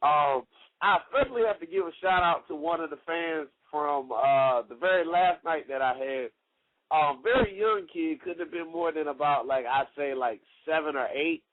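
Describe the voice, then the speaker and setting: A man's voice: a little high, normal speed, no echo. A man, a wrestler guest on a radio show, telling stories in a rambling, casual way full of "you know" and "like". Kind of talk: casual storytelling. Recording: tinny dry phone line.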